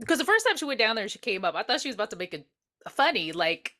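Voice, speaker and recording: A woman's voice: a little high, very animated, very fast, sharp tone. A woman co-hosting a podcast, chiming in with quips and asides during a casual movie recap. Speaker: podcast co-host.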